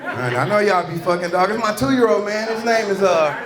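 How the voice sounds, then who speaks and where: A man with a St. working a comedy club crowd, his voice sitting high and carrying crude, playful jokes that break into shouts. The room rings with echo around him. A loud, lively audience roars behind him. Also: brisk. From St. Louis, Missouri. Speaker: stand-up comedian. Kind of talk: stand-up comedy set. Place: comedy club stage before a live crowd. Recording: echoey club with a roaring crowd.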